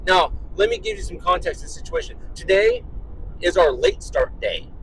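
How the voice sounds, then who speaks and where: A man's voice: on the high side, sing-song, normal speed, fairly bright tone, a little hiss or hum, rough recording. A man telling an exasperated, profane story about his morning, ranting in his car. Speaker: vlogger and dad.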